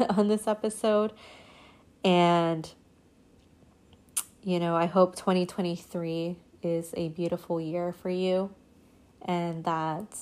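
A woman's voice: lowish voice, darkish tone. A woman hosting her own podcast, talking earnestly and meandering, full of "you know" and "like". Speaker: podcast host. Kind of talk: casual reflective solo podcast talk.

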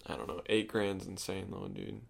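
A man's voice: low voice, little pitch movement, moderate pace, creaky, slightly rough. A young man chatting easily as a podcast guest, saying "dude" a lot. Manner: easygoing, says "dude" a lot. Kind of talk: casual chat.

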